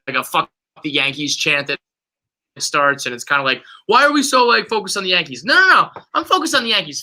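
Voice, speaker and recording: A man hosting a sports podcast with a very bright, high-pitched voice. He rants profanely and with heat about his team, like a fired-up fan. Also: low-quality recording. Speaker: podcast host. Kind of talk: casual sports podcast chat.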